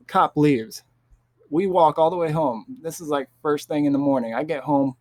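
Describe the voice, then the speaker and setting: A man's voice: on the high side, steady tone, normal speed, darkish tone, no echo. A young man telling a rambling, casual story about his past, with restarts and quoted voices, close to the mic. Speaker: vlogger.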